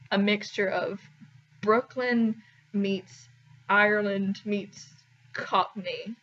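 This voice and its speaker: A woman's voice: medium pitch, fairly bright tone, highs cut off, a little hiss or hum. A young woman vlogging to camera in a chatty, wry, self-deprecating way, full of "like"s. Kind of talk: casual talking-to-camera vlog.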